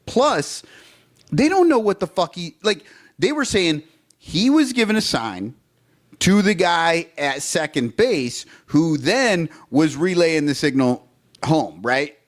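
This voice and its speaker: A man's voice: on the high side, expressive, slow. A man co-hosting a casual baseball podcast, ranting heatedly and swearing often. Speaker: podcast co-host. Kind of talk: casual sports chat.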